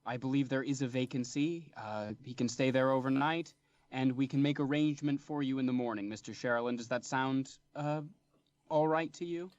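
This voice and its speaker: Gracious lady librarian in charge, put on by a man; slow and formal, lo-fi dry mic. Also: medium pitch, steady tone, darkish tone, no echo, natural voice.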